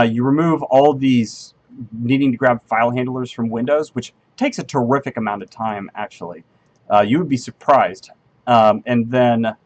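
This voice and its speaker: A man chatting casually on a live stream as he codes at his desk, voice in a plain middle register. He thinks out loud and trails off mid-sentence, filling gaps with ums. His tone is friendly and self-deprecating as he answers viewers. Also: medium pitch. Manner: thinks aloud, rambling with many ums and half-finished sentences. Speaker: game engineer streaming live coding. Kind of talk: casual live-stream chat while programming.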